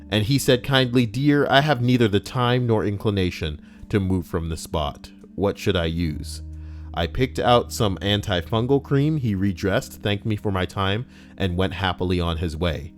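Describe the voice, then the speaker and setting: Lively low-voiced male streamer. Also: moderate pace, faint music behind. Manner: animated, swinging from mumbles to loud outbursts; profane, slangy banter. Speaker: live streamer reading stories and donations. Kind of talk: casual live-stream chat.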